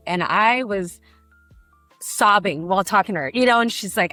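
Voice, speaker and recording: A middle-aged woman from Brazil, a burlesque performer, telling candid, animated stories in an interview and acting out the people she quotes. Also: mid-range voice, normal speed, no echo, faint music behind. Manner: animated, emotional storytelling with acted quotes.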